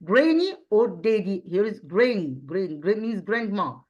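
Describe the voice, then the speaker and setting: A woman teaching an English grammar review lesson, pausing often and repeating herself, asking rhetorical questions as she goes. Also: medium pitch, lively intonation, a little mellow, dull audio. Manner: hesitant, frequent fillers and restarts.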